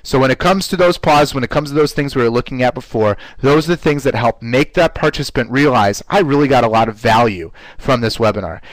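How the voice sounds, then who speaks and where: A man teaching a live online class in an upbeat, conversational way, often pausing with "uh" fillers. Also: no room sound, rough recording. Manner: playfully shifts pitch to demonstrate voice technique. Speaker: webinar presenter.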